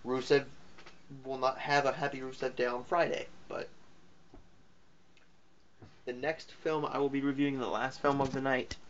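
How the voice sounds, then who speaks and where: A man's voice: medium pitch, level tone, normal speed, long pauses, dull audio, a little hiss or hum. A man giving a casual spoken movie review in a rambling, offhand way, full of fillers and self-corrections. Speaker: film reviewer.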